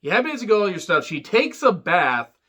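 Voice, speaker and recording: A man with a fairly high, bright, forceful voice talks through a film review in a loose, offhand way. He rambles, swears freely, drops wisecracks and fills the gaps with "you know" and "uh". When he acts out the characters' lines, his pitch jumps up. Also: sing-song, brisk, breathy edge. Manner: rambling and profane, with many fillers and wisecracks. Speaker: movie reviewer. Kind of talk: casual spoken film recap.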